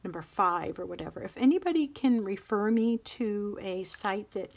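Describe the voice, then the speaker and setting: A woman's voice: medium pitch, animated, moderate pace. A middle-aged woman casually chatting through a pen and ink review, rambling and interrupting herself as she thinks aloud. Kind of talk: casual show-and-tell vlog.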